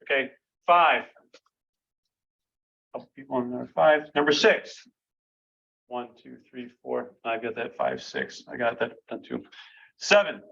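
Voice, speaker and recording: A man running a live workshop exercise, counting votes aloud and moving the group along briskly. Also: medium pitch, animated, vocal fry, a bit bright. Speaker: workshop facilitator. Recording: dull lo-fi room recording.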